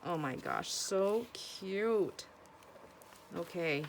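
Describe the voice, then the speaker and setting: This Washington State vlogger has a notably low, gravelly voice and talks extremely slowly yet expressively as she chats to camera about her thrift finds. She rambles, restarts her sentences, and gasps and exclaims at every new discovery, while a faint hiss runs underneath.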